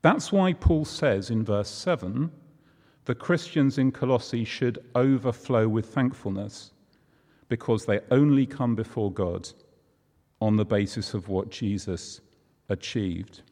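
A man's voice: mid-range voice, a little slow, dark tone. A man preaching a conversational sermon, using props and everyday examples. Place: church hall. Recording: long hall reverb.

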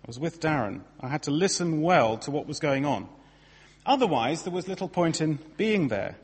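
A man giving a sermon in a church, lively, conversational and self-deprecating as he tells stories. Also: a little high, moderate pace, husky. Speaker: preacher. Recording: long reverb of a large hall.

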